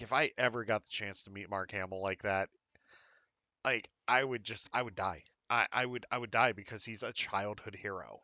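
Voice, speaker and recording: A man co-hosting a live podcast in relaxed chat, chiming in with easy short replies. His voice is recorded dry and close, with no room sound around it. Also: fairly low pitch, no room sound. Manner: laid-back listener, chimes in with short replies. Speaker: podcast co-host. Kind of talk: casual chat.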